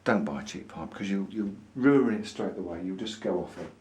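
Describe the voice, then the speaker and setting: A man's voice: sits low, lively intonation, brisk, a little mellow. A man vlogging, chatting enthusiastically to camera in a pipe maker's showroom. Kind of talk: casual showroom chat to camera.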